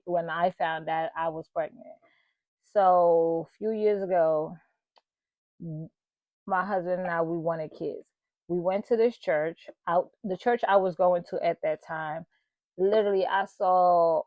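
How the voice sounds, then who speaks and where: A woman's voice: lowish voice, dry recording, highs cut off. A woman hosting her own channel, sharing an emotional personal testimony and talking straight to her viewers. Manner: emotional, earnest, addresses viewers directly. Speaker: channel host.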